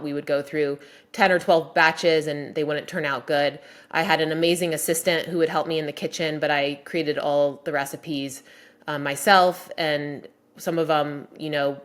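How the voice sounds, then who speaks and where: A woman in her forties, a cookbook author talking casually on a podcast, enthusiastic and full of "like" and "um" fillers. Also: deep voice.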